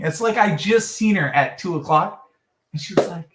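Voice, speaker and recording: A man's voice: normal speed, a bit bright, roomy sound, a little hiss or hum. A man chatting loosely on a live stream, joking and jumping between topics. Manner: joking, jumps between topics, mimics voices in high falsetto. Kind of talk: rambling live stream chat.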